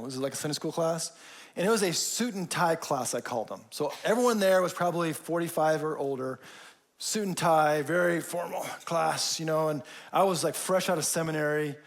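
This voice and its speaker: A man in his forties giving a sermon, telling a personal story, often dropping to a soft low voice for emphasis. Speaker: pastor.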